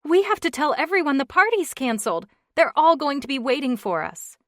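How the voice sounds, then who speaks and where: A woman's voice: sits high, expressive, normal speed, a bit bright, no room sound, studio quality, pitched above the performer's own voice. A woman reading an audiobook, voicing an emotional young wife in a raised, wobbly, pleading voice. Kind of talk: audiobook character voice.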